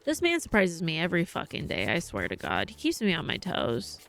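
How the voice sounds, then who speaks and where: A woman's voice: on the low side, huge pitch swings, a little fast, gravelly, fairly bright tone. A woman live-streaming, telling a rambling story in casual chat and swearing freely.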